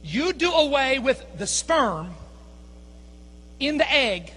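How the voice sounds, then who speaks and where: A man preaching a sermon, telling a story in an animated, emphatic way that builds to shouts. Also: extremely high pitch, takes it slowly. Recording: echoey hall with long reverb, mains hum.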